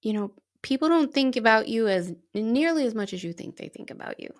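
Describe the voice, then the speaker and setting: A woman co-hosting a podcast, chatting casually and telling lively stories, acting out what others said and laughing often. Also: on the high side, fairly quick. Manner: animated storyteller who acts out quoted dialogue and laughs often. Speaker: podcast co-host. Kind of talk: casual conversational podcast chat.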